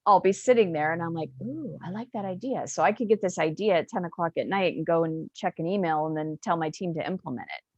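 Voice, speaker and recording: Interview guest, middle-aged woman, low voice, dry close sound, chatty and upbeat. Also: fast, hardly any pauses, dry recording, dull audio. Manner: chatty, upbeat, many fillers like "you know". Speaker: author and guest. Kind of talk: casual interview.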